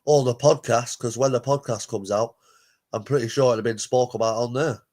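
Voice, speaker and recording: A man's voice: medium pitch, fairly even intonation, a little fast, a little mellow. A man hosting a live reaction stream, talking bluntly and casually, swearing freely.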